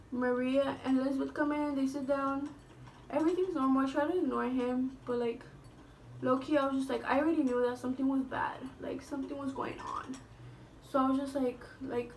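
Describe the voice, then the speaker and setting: High-voiced young woman telling a story. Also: normal speed, pauses often, slight background noise. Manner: chatty, swears freely, heavy filler "like"; slips into Spanish slang. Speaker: beauty vlogger telling a story. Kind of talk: casual storytime monologue. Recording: voice a bit distant from the mic.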